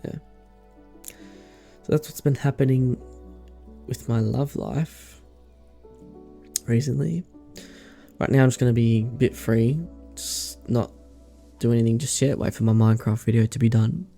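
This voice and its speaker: A young Australian man talks straight to camera in a loose vlog ramble, full of slang and swearing. His voice is gravelly and sits on the dark, mellow side. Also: mid-range voice, steady tone, measured pace, long pauses, soft background music. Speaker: vlogger. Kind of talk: casual rambling chat.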